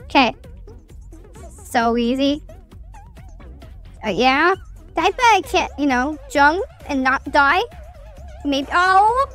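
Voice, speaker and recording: Young woman gaming streamer, high bright voice, chatty and excitable, with faint game music behind her. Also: takes it slowly, pauses often. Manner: chatty, excitable, self-mocking. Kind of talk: casual gameplay commentary.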